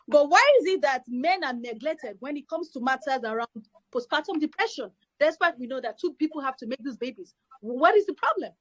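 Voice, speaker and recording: High-voiced woman moderating a panel. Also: lively intonation, fairly quick, dry recording, rough recording. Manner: brief affirmations, probing questions.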